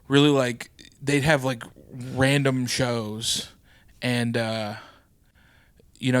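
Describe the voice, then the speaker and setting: A man hosting a podcast, telling stories in casual chat and acting out quotes loudly. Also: mid-range voice, no echo. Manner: animated storyteller, loud acted-out quotes. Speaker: podcast host.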